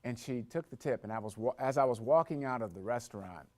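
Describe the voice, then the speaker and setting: A man's voice: mid-range voice, quick pace, darkish tone. A man telling a personal story in a conversational way, then building to emphatic points as a motivational talk.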